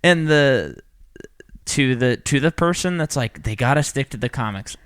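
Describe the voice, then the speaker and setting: An animated man on a casual podcast, who keeps slipping into little put-on voices to act out quotes. His voice sits at an ordinary pitch, and it is recorded dry and close with no room sound. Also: moderate pace, smooth, dry recording. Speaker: podcast co-host. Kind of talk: casual chat.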